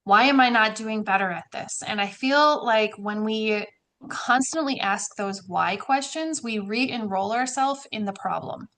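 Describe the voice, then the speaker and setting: Bright, quick-talking woman panelist. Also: medium pitch. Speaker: roundtable co-host. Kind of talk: casual roundtable chat.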